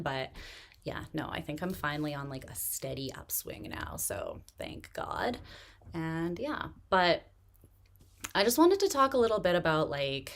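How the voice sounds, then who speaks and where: Woman tarot reader, fairly low voice, casual rambling stream talk, a bit short of breath. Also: moderate pace. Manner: relaxed, rambling, many fillers and restarts. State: recovering from pneumonia, speaking slowly to catch her breath. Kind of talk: casual live-stream chat.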